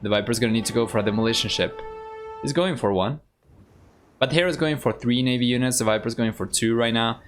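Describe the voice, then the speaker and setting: A man's voice: medium pitch, brisk, soft background music. A man from Argentina with an Argentine accent, giving easygoing live commentary on a strategy game and chatting with viewers, with Spanish as his first language. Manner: easygoing, thinks aloud, chats with viewers. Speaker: game caster and streamer.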